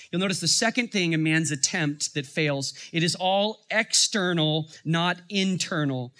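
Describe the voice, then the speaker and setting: Bright-voiced man preaching a sermon. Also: high voice. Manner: conversational preaching, rising to emphatic bursts. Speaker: pastor.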